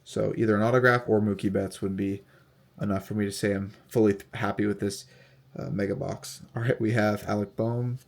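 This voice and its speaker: A young man casually talking through a card unboxing, reading off player names in a steady, relaxed list. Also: on the low side, a little fast, creaky. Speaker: card collector unboxing host.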